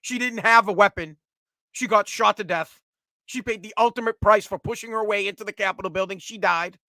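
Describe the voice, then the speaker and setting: Man commentator, heated and profane, bright forceful voice, dry close sound. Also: high-pitched, fairly quick, no echo. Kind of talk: opinionated solo commentary.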